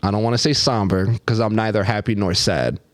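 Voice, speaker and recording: A man's voice: on the low side, fairly quick, no room sound. Blunt, profane man in his thirties. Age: 30s. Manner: blunt, profane, self-deprecating. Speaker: podcast host. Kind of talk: casual podcast banter.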